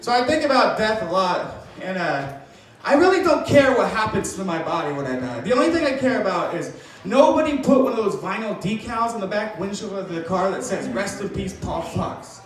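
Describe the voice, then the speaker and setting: A man doing a stand-up comedy set, telling deadpan dark jokes and acting out voices, with audience laughter behind him. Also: sits high, a little fast. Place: comedy club stage. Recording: echoey club from far off, crowd laughing.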